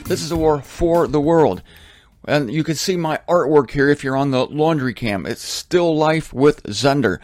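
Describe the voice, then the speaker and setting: A man hosting a religious talk series, speaking in a rambling, animated, self-deprecating monologue from his home studio into a microphone. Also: fairly high pitch, normal speed, soft background music. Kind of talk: casual monologue.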